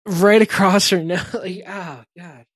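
Chuckling, halting man, dry sound. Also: high voice, fairly even intonation, a bit bright, slightly rough, no echo. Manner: chuckling, halting, self-interrupting anecdotes. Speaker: podcast co-host, parent. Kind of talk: casual chat, storytelling.

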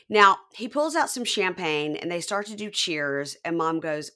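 A woman with a lowish voice keeps a measured pace with few pauses. Co-hosting a laid-back podcast about a reality show, she's lively and acts out the people she quotes.

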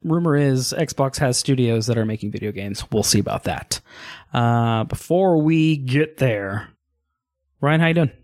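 A man's voice: mid-range voice, measured pace, a little mellow, dry recording, clean studio sound. A man hosting a casual podcast, joking and laughing often as he chats with his co-hosts. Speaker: podcast host. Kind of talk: casual chat.

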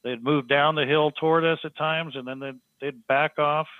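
A man's voice: a little high, fairly even intonation, dry recording. Guy on a podcast telling his story, lots of uh and restarts, sounds tinny like a phone call. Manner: halting, with frequent restarts and fillers. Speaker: podcast guest. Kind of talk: storytelling in casual conversation.

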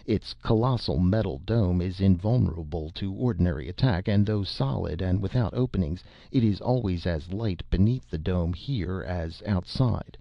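A man reads a storybook alien, a tall, eager green figure with stilted, earnest speech. His voice is low-pitched with a dull, dry sound and no echo.

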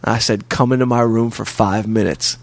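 A man's voice: lowish voice, fairly even intonation, a little fast, creaky, dry recording. Streetwise guy telling a wild story, cussing a lot, dead dry sound. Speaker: comedian guest. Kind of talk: casual podcast chat.

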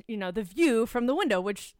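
A woman's voice: a little high, brisk, no room sound, clean studio sound. A young woman telling an annoyed story in casual chat, swearing freely. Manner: swears a lot, animated storytelling.

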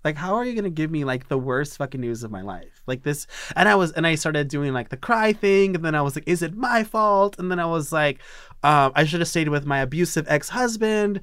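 A man in his twenties candidly telling a personal story on a talk show, profane and animated. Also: fairly high pitch, fairly quick, clear, resonant tone, dry recording, studio quality.

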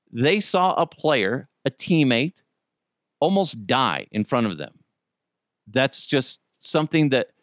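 A man hosting a solo commentary show, ranting with heavy swearing and swinging between loud outbursts and low muttered asides. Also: no echo, clean studio sound. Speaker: show host.

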